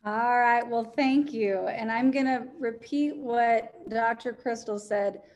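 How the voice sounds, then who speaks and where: Woman, fairly high voice, unhurried, cheerful name reader, conference call. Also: a little mellow, muffled recording. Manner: cheerful, stumbles over names. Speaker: co-host reading recognitions. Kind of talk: upbeat call reading name list.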